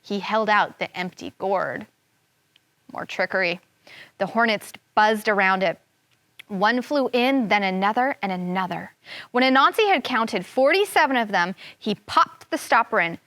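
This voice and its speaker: A woman's voice: mid-range voice, lively intonation, a little slow, a bit bright, no echo. A woman teacher reading a folk tale aloud to children, stopping to explain words and voicing the sound effects with expression. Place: classroom studio.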